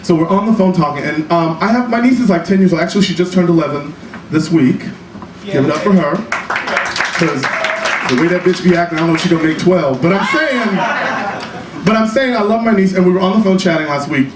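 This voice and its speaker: A man performing a one-man comedy show in a small club, telling stories in a sassy, profane way with quick asides. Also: high voice, a loud crowd. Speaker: stand-up comedian. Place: small cabaret club stage. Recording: roomy live club recording from a distance, audience noise. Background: audience laughter.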